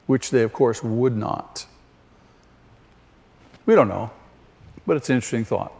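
A man preaching a sermon slowly and emphatically, with sudden loud rises for stress. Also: medium pitch, gravelly. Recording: long hall reverb.

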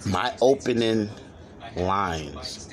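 Profane, animated male podcast host. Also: on the low side, drawn-out words, a crowd in the background. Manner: profane, loud and joking. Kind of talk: casual chat.

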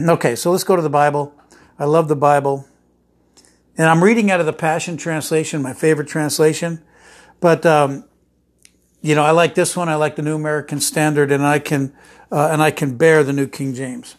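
Man, preacher, sermon, rambling storytelling, emphatic build-ups, slightly higher voice. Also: steady tone, normal speed. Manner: rambling storytelling with many restarts and fillers, rising to emphatic declarations.

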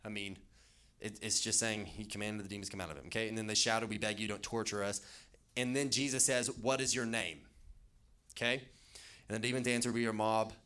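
Bright-voiced casual young pastor man. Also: on the low side, fairly quick. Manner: casual, filler-heavy, animated storytelling. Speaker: youth pastor. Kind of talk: casual sermon. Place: church hall with an audience.

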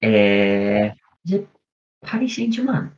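A man's voice: on the low side, wildly swooping pitch, slow pace. A man co-hosting a podcast, chatting in an easygoing way and planning aloud. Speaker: podcast co-host. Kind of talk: casual chat. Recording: dull lo-fi audio.

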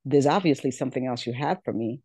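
A woman's voice: very deep voice, fast talker, warm tone, breathy edge, dry recording. A middle-aged woman, a podcast guest, telling her life story earnestly, repeating words and acting out what others said to her. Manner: earnest, repeats words, acts out quoted dialogue. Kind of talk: personal storytelling in an interview.

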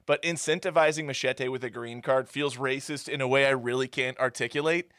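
A man's voice: mid-range voice, fairly even intonation, fairly quick, a bit bright, dry recording, clean studio sound. A man co-hosting a casual movie review podcast, sarcastic and acting out quotes in mocking voices. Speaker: podcast co-host.

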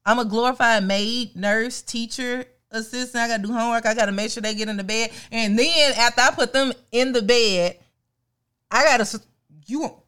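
A woman's voice: a little high, fairly even intonation, brisk, a bit bright, clear, resonant tone. A young woman co-hosting a podcast, ranting in casual comedic chat and acting out scenes in exaggerated voices. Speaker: podcast co-host.

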